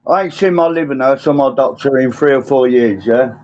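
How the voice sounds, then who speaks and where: Blunt, sweary man, mid pitch. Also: brisk, a little mellow, dull audio. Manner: profane, blunt, agreeing. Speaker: guest. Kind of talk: casual chat.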